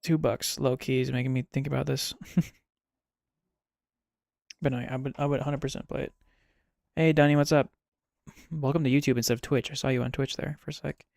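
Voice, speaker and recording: A young man streaming while he draws, chatting casually in a rambling, excitable way full of fillers. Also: medium pitch, fairly quick, gravelly, long pauses, no echo, studio quality. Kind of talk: casual live-stream chat while drawing. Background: faint music.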